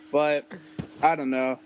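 A man's voice: a little high, slight background noise, rough recording. A young man telling stories in casual, profane chat, rambling and laughing often. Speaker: podcast guest musician.

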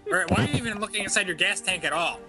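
A man's voice: sits high, fast talker, over music. A young man co-hosting a casual podcast, reading odd news stories aloud and giggling and stumbling over the words. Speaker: podcast co-host.

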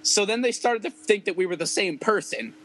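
A man's voice: high-pitched, expressive, brisk, a bit bright, low-quality recording. A young man telling stories in casual, profane chat, rambling and laughing often. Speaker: podcast guest musician.

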